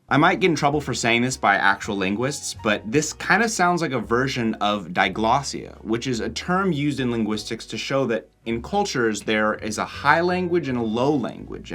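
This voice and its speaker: A man's voice: fairly low pitch, fairly bright tone. An American man narrating his travel vlog in a casual, curious, blunt way. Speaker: vlogger.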